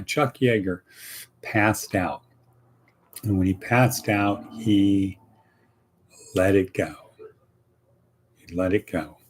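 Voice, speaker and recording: A man's voice: low voice, a little mellow, a little hiss or hum. A man hosting a casual motivational podcast, talking in a rambling, folksy way and repeating his phrases. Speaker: podcast host.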